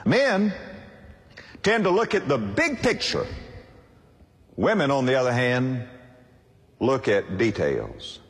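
A man's voice: medium pitch, huge pitch swings, takes it slowly, long pauses. An older man preaching a sermon in an emphatic, repetitive cadence. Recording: long hall reverb.

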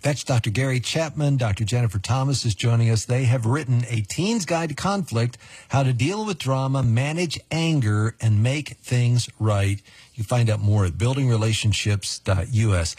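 A man hosting an interview show in a calm, measured way. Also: medium pitch, breathy edge, no room sound. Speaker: radio show host.

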